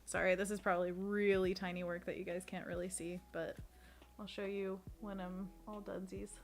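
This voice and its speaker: A giggly, playful young woman chats casually while she paints on a livestream, her voice sitting at an ordinary middle pitch. Faint music plays underneath. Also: flat delivery, normal speed.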